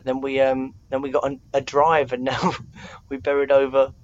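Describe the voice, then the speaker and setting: A man's voice: medium pitch, completely flat delivery, moderate pace, muffled recording. A young man from England in his twenties, chatting casually and telling rambling stories with self-mocking asides. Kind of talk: casual chat.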